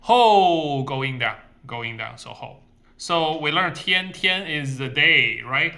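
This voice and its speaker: Male teacher, slow, bright, slightly high delivery, drawn-out example words. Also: creaky. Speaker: Mandarin teacher. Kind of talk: short video language lesson.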